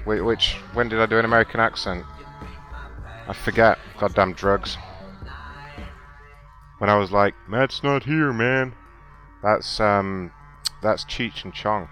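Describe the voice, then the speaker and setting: A man's voice: fairly low pitch, little pitch movement, unhurried, pauses often, bright, forceful tone, soft background music. Profane sarcastic man hosting a prank show. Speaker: prank call show host. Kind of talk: casual crude radio banter.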